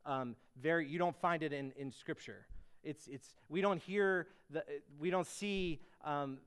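A man's voice: a little high, unhurried, a bit bright, clean tone. A man preaching a sermon in an earnest teaching manner, with casual asides and fillers, rising to emphatic bursts on key words. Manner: frequent fillers and restarts, conversational asides.

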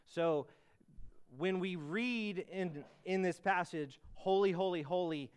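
Earnest man preaching, bright clear voice. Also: on the high side. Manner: earnest teaching, rising to emphatic bursts on key words; frequent fillers and restarts, conversational asides. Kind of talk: sermon.

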